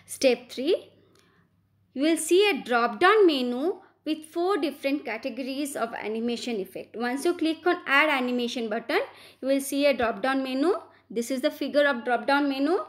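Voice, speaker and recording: A woman's voice: high-pitched, moderate pace. A woman teacher with an Indian English accent, walking students through slides in a patient classroom lesson, repeating points and checking in with "right?".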